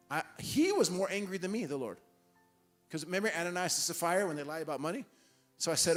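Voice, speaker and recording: A man preaching a sermon in a church, telling stories and acting out the dialogue with animated restarts. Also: high voice, quick pace, faint music behind. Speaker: guest preacher. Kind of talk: sermon with storytelling. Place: church hall.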